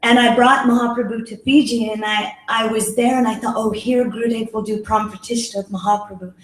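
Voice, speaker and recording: A woman's voice: fairly high pitch, brisk. A woman telling a personal story at a kirtan gathering, acting out the quoted voices and laughing often. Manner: animated, acts out quoted dialogue, laughs often. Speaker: kirtan leader. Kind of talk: storytelling talk. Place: yoga center hall. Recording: echoey room.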